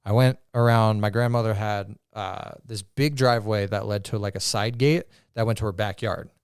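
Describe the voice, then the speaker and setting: Smooth-voiced man telling a profane story. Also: fairly low pitch, moderate pace, no echo, studio quality. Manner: storytelling, profane and animated, acts out quoted voices. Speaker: podcast co-host. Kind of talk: casual chat.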